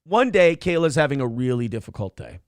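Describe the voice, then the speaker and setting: A man's voice: mid-range voice, very animated, fairly quick, dry recording, studio quality. A young man co-hosting a morning show, telling a story animatedly, acting out quotes and swearing freely. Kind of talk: casual storytelling chat.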